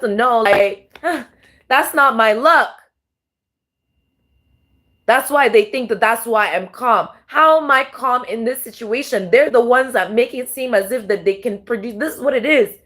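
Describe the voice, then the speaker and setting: A woman's voice: a little high, measured pace, a bit bright. A woman tarot vlogger talking to camera in a raw, rambling, emotional monologue, swearing often and restarting her sentences.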